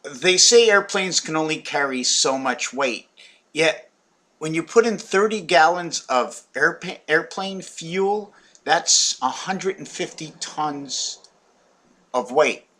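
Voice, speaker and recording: A man riffs through a comic monologue in a fairly high, bright voice that swoops up and down a lot. He jumps from topic to topic, piling up puns, repeating and restarting his phrases. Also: animated, takes it slowly. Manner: rambling, jumps between topics with wordplay.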